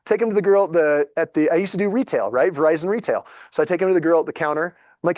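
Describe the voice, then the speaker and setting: A man, telling stories casually to a group in a lively, chatty way and acting out what people said. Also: on the high side, very fast, hardly any pauses, no room sound. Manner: animated, chatty, acts out dialogue. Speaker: real estate agent. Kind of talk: casual storytelling talk to a group.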